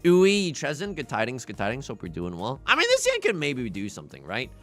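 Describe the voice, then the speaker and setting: A man commentating his online mahjong game on a live stream, swinging from mutters to shouts and laughs. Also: medium pitch, huge pitch swings, brisk, soft background music. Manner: wildly swinging, shouts and cries out, laughs often.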